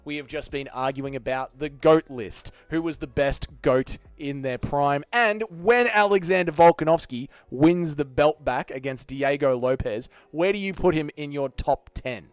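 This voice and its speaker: A man's voice: fairly high pitch, normal speed, few pauses, clean tone, no echo. An Australian man hosting a casual live stream, bantering and swearing as he reads out chat messages. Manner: profane, joking banter with chat.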